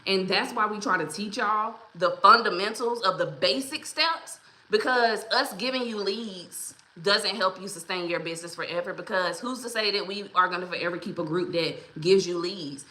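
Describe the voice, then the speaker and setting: A woman hosts a casual livestream, greeting viewers by name in a chatty, encouraging manner. Her medium-pitched voice sounds pushed and bright, and the recording has a roomy echo.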